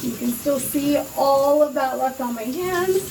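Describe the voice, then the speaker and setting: A hair care vlogger in her bathroom shower gives a casual how-to on washing hair, chatty and instructive, full of fillers and slightly out of breath. Her voice sits high and her pace is measured. The mic is distant, with background noise and running water behind her.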